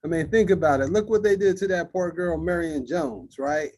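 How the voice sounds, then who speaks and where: High-voiced man arguing sports points. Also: normal speed, darkish tone. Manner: thoughtful arguing, acts out quotes. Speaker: podcast co-host. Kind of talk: casual sports chat.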